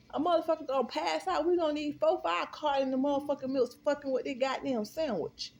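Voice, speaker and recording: Animated, swearing woman telling a story. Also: sits high, brisk, creaky, few pauses. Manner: animated, profane and emphatic. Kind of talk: storytime vlog.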